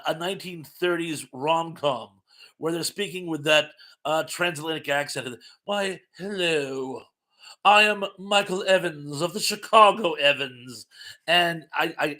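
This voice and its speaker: A man's voice: a little high, pushed and bright. A middle-aged man hosting a casual live-stream trivia chat, reading out quiz questions and viewer comments, chatty and self-mocking, laughing often and stumbling over his words.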